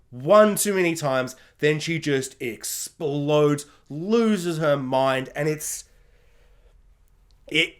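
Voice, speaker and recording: A man's voice: on the high side, fairly bright tone. A man giving an effusive, emotional solo TV review, rambling and restarting as he talks.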